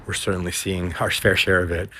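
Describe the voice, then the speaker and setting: A man's voice: sits low, flat delivery, fairly quick, sharp tone. Rambling middle-aged American man outdoors. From United States. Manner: rambling, digressive, with frequent fillers and asides. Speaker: vlogger. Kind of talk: casual storytelling vlog. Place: outdoors in a windy town. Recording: outdoor phone recording with wind noise. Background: faint wind noise.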